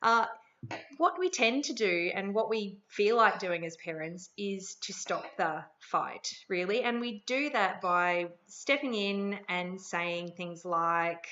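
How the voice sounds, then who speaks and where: A middle-aged woman with an Australian accent speaks slowly in a mid-range, slightly bright voice, though the audio is dull. She's a parenting educator giving a friendly, conversational promotional talk to camera about her workshop.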